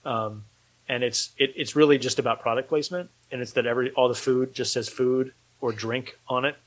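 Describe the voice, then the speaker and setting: A man's voice: medium pitch, steady tone, a little fast, low-quality recording. A man hosting a casual talk show, rambling enthusiastically with many restarts. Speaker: podcast host and filmmaker. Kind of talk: casual chat.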